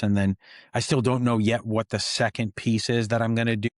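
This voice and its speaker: Low-voiced guy telling set stories, gets animated doing quotes, dry podcast sound. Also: fairly quick, no echo. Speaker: stuntman guest. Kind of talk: casual storytelling interview.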